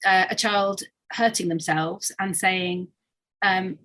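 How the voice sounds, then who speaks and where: A woman's voice: medium pitch, unhurried, a bit bright. A woman hosting a podcast, engaged and thinking aloud with a few fillers as she shares an example. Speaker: podcast host. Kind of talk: podcast conversation.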